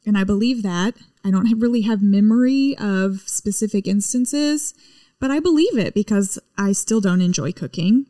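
A woman's voice: medium pitch, moderate pace, dark tone, no echo. Woman, middle-aged, casual chat, matter-of-fact explaining, dead dry sound. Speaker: podcast co-host, wife.

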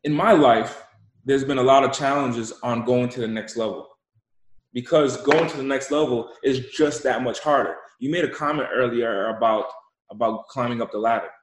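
A man telling an animated story and giving motivational talk as an interview guest, repeating himself for emphasis. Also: medium pitch, normal speed, roomy sound, rough recording. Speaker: guest, entrepreneur.

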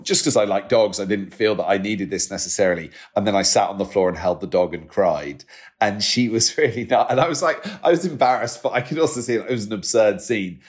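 This is a man in his forties with a lowish voice. He talks candidly and haltingly, breaking off and restarting his sentences. There is an emotional, self-deprecating edge to how he tells his stories. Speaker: guest. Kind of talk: candid conversational storytelling.

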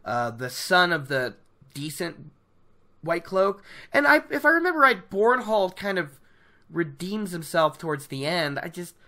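A host giving a casual book recap, animated and opinionated, laughing often. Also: medium pitch, unhurried.

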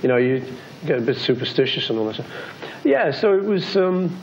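A British man in his fifties, giving a reflective interview in a soft, halting, heartfelt way. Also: medium pitch, very animated, slight background noise. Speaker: interview guest. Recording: slightly dull archival interview audio.

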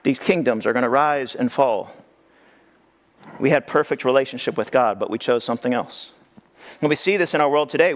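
A male pastor preaching a sermon in a conversational, animated way, with rhetorical questions. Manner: animated, acts out quoted voices with big pitch jumps.

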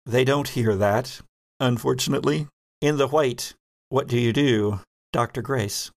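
Slow, measured male game master. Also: medium pitch. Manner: measured, descriptive narration. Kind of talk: narrating a tabletop game.

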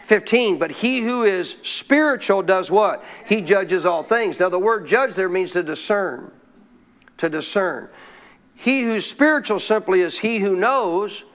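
During a church service, a male pastor with a high, somewhat bright voice delivers his sermon. He poses questions, leaves gaps for the crowd to complete in call-and-response fashion, and hammers home key lines through emphatic repetition.

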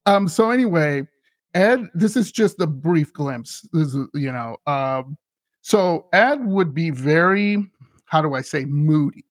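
A man's voice: fairly high pitch, lively intonation, takes it slowly, no room sound, studio quality. Eager rambling man telling a tale. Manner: eager, rambling storyteller with many restarts. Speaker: podcast host. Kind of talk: casual chat.

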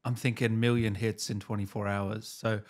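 A man with an Australian accent hosting an interview, eager and quick to agree with his guest. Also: lowish voice, little pitch movement, a little mellow. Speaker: interview host. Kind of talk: casual interview chat.

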